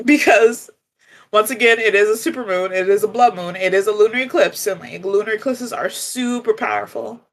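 A woman co-hosting a casual spiritual chat, talking in a gentle, reflective way and laughing often. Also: mid-range voice. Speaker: podcast co-host.

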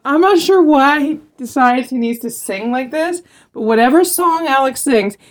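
A woman's voice: high-pitched, lively intonation, unhurried. A woman hosting a podcast, chatting and teasing her husband, often laughing. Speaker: podcast host. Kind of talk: casual podcast chat.

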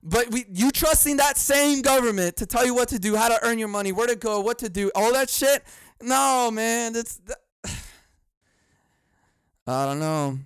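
A man hosting a casual solo podcast, ranting and swearing freely, jumping between mock outrage, laughter and low muttered asides. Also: moderate pace, fairly bright tone, clean tone, no echo. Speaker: podcast host.

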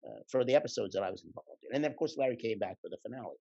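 Husky man telling showbiz anecdotes. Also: lowish voice, racing, no room sound, dull audio. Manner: relaxed, rambling, laughs while telling anecdotes. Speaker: guest actor. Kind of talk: casual interview storytelling.

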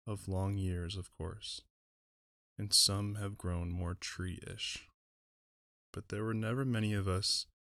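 A man voicing an ancient, sorrowful tree-giant in an audiobook, speaking slowly and deliberately in a musing way. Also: deep voice, a bit bright, no echo, studio quality, full character voice. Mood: mournful. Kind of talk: audiobook reading.

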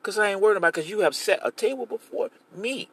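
Animated high-voiced man preaching. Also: fast talker, breathy edge. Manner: animated preaching, paraphrasing scripture in casual street talk. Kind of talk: sermon.

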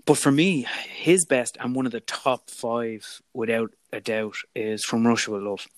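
A man's voice: medium pitch, measured pace, dry recording. A man, chatting animatedly about films as a podcast co-host. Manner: animated, chatty, Irish turns of phrase. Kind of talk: casual film chat. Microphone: remote call mic.

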